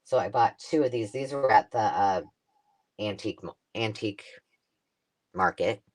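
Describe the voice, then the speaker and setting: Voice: medium pitch, moderate pace. A craft host chatting casually on a live stream, rambling through stories and cutting off her own sentences as she unboxes finds at home. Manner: rambling, self-interrupting storyteller.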